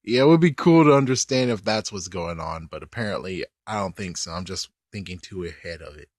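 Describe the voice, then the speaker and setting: A man's voice: sits low, a little fast, dry recording, studio quality. A man giving casual, rambling commentary on an anime episode, often correcting himself mid-sentence. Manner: rambling, animated, self-correcting.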